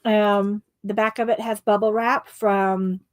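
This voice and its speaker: A woman chats casually through a craft livestream at a middling pitch, rambling and tossing asides to her viewers. Her talk is full of ums and restarts. The sound is close and dry, with no room echo. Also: flat delivery, measured pace.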